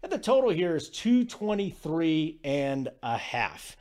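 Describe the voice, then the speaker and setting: Chatty sports podcast host. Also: male voice, fairly high pitch, very animated, measured pace, darkish tone. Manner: conversational, loose with fillers and restarts. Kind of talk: casual sports talk.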